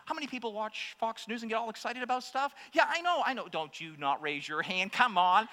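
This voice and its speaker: A man preaching a sermon to a congregation, impassioned, swinging between loud exclamations and hushed asides. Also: very high voice, big pitch swings, a little fast, hardly any pauses. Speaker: pastor. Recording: long hall reverb with mains hum.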